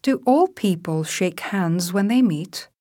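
A woman reading English vocabulary drills aloud as a teacher, saying each word and example sentence slowly and deliberately. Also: on the low side, animated, mellow, no room sound, clean studio sound. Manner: clear, deliberate word-by-word enunciation.

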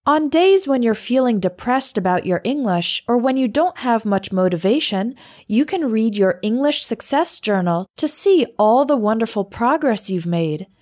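A woman reading a scripted English lesson in a clear, measured way, slowing down for the example phrases. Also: a little high, lively intonation, a little mellow. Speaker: English teacher.

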